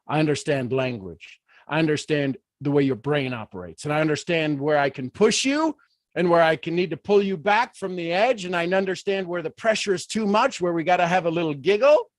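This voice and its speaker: A middle-aged man leads a live motivational stream, swinging from hushed, intense lines to bursts of excitement. His voice sits on the high side for a man. The sound is close and dry, with no room around it. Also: brisk, no room sound. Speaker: motivational speaker hosting a livestream. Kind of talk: live motivational talk to an online audience.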